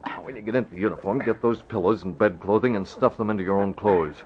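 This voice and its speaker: An actor playing a calm, commanding masked vigilante who gives quick, urgent instructions, in an old radio drama. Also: male voice, on the low side, lightly acted. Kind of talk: 1940s radio acting. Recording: dull lo-fi old radio recording.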